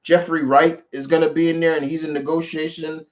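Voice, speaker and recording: A man hosting a casual live chat about movies, talking in an animated, rambling way with lots of restarts. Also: fairly high pitch, brisk. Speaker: show host.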